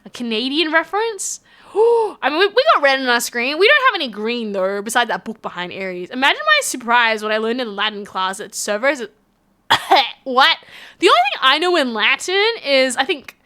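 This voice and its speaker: A woman with an Australian accent, chatting casually on a live stream, reading out chat messages with a giggly, animated manner. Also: high-pitched, moderate pace.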